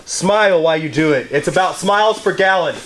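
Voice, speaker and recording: A man's voice: sits high, a little fast, fairly bright tone, a little hiss or hum. A man hosting a garage vlog, chatting casually and joking with plenty of swearing while he works on a clutch. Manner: profane, joking, rambling. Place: home garage.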